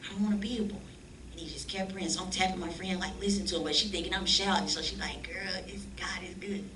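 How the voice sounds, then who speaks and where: A woman telling her life story as a church guest, animated and slangy, acting out the voices of people she quotes. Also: lowish voice, quick pace. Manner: animated, acts out quoted dialogue in slangy speech. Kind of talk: lively storytelling testimony. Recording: echoey room, distant mic, faint noise.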